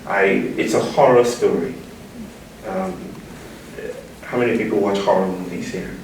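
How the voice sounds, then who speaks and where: A man from Nigeria with a lowish, darkish voice speaks at a moderate pace, giving a playful keynote built on call-and-response with the audience in a large room. A distant mic in the echoey hall picks up a little hiss or hum.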